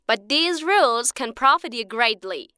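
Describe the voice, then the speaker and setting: A woman's voice: fairly high pitch, unhurried, clean tone, no room sound, clean studio sound. A woman voicing a small wise talking bird. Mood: earnest. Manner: lively, patient, lecturing.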